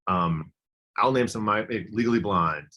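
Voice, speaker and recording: Bright husky-voiced man chatting casually. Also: lowish voice, normal speed. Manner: chatty, enthusiastic, rambling with fillers. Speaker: podcast co-host. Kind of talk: casual chat.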